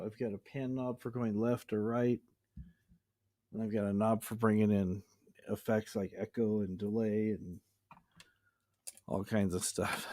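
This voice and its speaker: A man's voice: lowish voice, warm tone. A man casually showing off his home recording gear in a rambling, easygoing way. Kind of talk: casual show-and-tell chat. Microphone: webcam.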